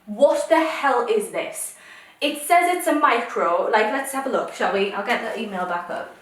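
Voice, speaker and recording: A woman's voice: on the high side, animated, normal speed, fairly bright tone, distant mic. A young woman vlogging a try-on haul, ranting in an exasperated way. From United Kingdom. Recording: echoey room, voice a little off mic.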